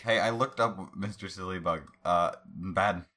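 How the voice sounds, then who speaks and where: A young man talking casually with his co-host, relaxed and offhand. His voice is low yet bright and ringing. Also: measured pace. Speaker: co-host reading stories. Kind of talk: casual chat.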